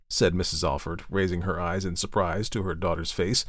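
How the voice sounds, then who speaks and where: Low-voiced man narrating a story. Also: fairly even intonation, a little fast, no room sound, studio quality. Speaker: audiobook narrator. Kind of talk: scripted narration.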